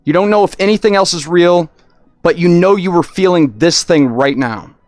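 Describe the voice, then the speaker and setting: A man chatting casually on a livestream, rambling and excitable, often restarting his sentences. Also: high voice, moderate pace, dry recording, soft background music.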